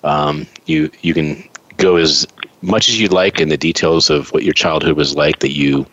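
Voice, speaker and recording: Deep-voiced joking male co-host. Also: steady tone, moderate pace, fairly bright tone, dry recording, highs cut off. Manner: jokey, playful banter. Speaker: podcast co-host. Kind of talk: casual interview chat.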